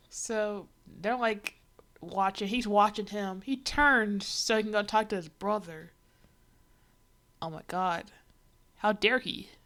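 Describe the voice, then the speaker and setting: A woman livestreaming, giving casual reaction commentary in an exasperated, ranting way. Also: medium pitch.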